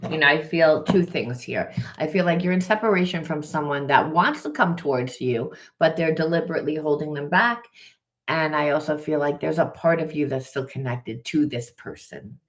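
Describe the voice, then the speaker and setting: A woman spiritual coach works through a casual tarot reading monologue, earnest and conversational, often repeating herself. She has a deep voice and a moderate pace.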